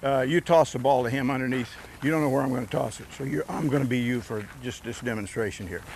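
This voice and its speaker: A man's voice: mid-range voice, fast talker, a little mellow, a little hiss or hum. A man coaching a youth baseball team outdoors, giving short, encouraging instructions during drills.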